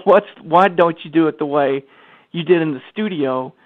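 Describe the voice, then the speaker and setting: A man's voice: on the high side, normal speed, no echo. A man hosting a radio interview, enthusiastic and laughing easily in casual chat. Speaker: radio show host. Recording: tinny phone line.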